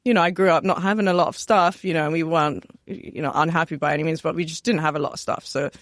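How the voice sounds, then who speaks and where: A young woman chef from West London with a West London accent, chatting relaxed in an interview, laughing often and filling with "you know". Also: low-pitched, quick pace, no room sound, clean studio sound. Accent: West London English. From West London, England. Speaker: chef, guest. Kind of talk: casual interview chat.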